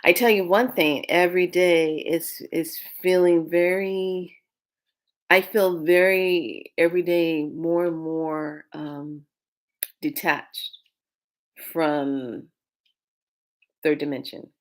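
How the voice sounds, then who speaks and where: A woman's voice: lowish voice, fairly even intonation, slow. A woman telling a spiritual dream story in a casual, rambling way, often repeating and restarting her phrases with earnest emphasis. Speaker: spiritual vlogger.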